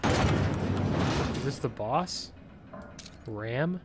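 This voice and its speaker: A man casually commentating his video game playthrough, chatty and excitable, recorded on a desktop mic at home. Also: medium pitch, very slow, music in the background. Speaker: gameplay commentator.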